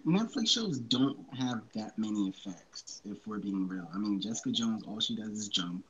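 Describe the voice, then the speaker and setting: Quiet low-voiced man, soft-spoken. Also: animated, normal speed, lo-fi sound. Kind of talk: casual chat.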